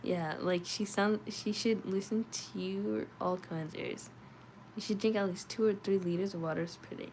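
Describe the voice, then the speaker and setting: Reading a novel aloud at night, a woman speaks at normal speed in a steady, medium-pitched, darkish voice. The rough recording has a little hiss or hum, and between passages she sleepily chats and replies to chat comments.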